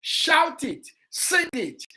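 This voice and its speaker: A Nigerian-accented woman with a notably high voice delivers impassioned livestream commentary. She repeats herself for emphasis and talks straight at the person she criticizes, lecturing with force. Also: very animated, very slow. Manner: forceful, repetitive, lecturing, addresses a rival directly. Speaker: vlog host.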